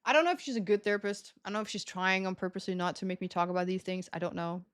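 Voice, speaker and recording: A woman's voice: mid-range voice, very fast, clean tone. A young woman streaming, chatting casually to her viewers, self-mocking and laughing often as she acts out conversations.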